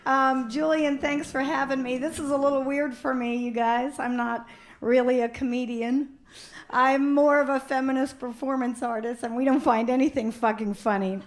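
A woman performing a deadpan stand-up comedy set on stage before a live audience. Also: high voice, normal speed.

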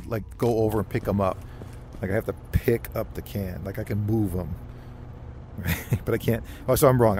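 A man's voice: medium pitch, a little hiss or hum. Chatty man narrating a VR game. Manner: chatty, rambling, apologetic asides. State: hiccups. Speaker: gamer streamer. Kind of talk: casual let's-play commentary.

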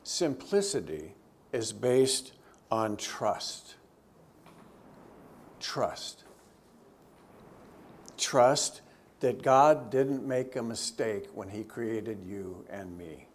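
A man, a theologian, teaching a church group in a conversational way, lifting his voice for emphasis and dropping to quiet, low asides. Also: lively intonation, slow pace, slight background noise. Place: church gathering.

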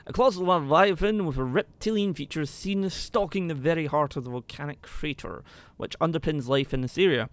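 A man commentating his game play, excitable, talking to the creatures and shouting when he panics. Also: on the high side, a little fast, no echo. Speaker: gaming YouTuber.

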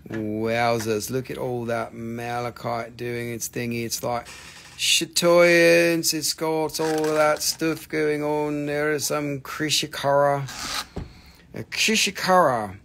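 Gravelly, excitable live-sale host. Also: male voice, medium pitch, slow pace, slight background noise. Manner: jokey, excitable, teasing viewers. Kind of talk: live-stream sales patter.

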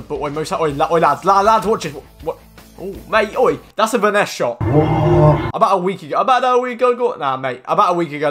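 A young man commenting on his own football video game match, muttering complaints and then shouting at big moments. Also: fairly high pitch. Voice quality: expressive, with slang and swearing. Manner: swings from mumbled grumbling to screaming at the game. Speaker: gaming commentator.

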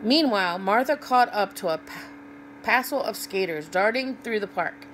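A woman's voice: mid-range voice, animated, moderate pace, a bit bright, a little hiss or hum, poor audio. A woman reading a picture book aloud to children, stopping to ask young listeners about the pictures. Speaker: children's read-aloud host.

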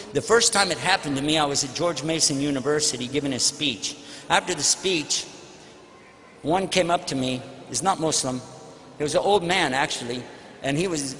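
A man's voice: on the high side, a bit bright. A man giving a religious lecture and answering audience questions with emphatic, anecdotal storytelling. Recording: echoey hall with faint noise.

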